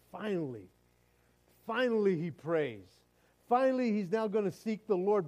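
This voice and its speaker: A man's voice: sits high, dark tone, lo-fi sound. A man preaching a sermon in a conversational way, often stumbling and restarting his words. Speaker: pastor.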